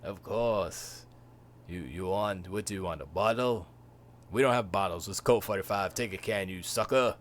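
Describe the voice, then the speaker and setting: A man putting on the voice of a smooth, laid-back older smuggler who drawls slowly and calls people sucker. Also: deep voice, slight background noise, voice pushed down, natural voice. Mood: smug.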